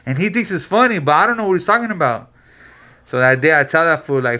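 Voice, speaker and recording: A man's voice: on the high side, quick pace. A man on a podcast telling a long story in casual street slang, acting out what people said. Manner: animated slangy storyteller, acts out quotes. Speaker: podcast co-host.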